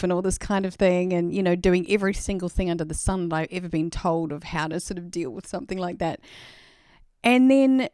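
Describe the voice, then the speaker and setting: A woman's voice: on the low side, fairly quick, darkish tone, clean tone, no echo, clean studio sound. An Australian woman hosting a live stream, telling a story in a rambling, chatty way full of "like" and "you know.".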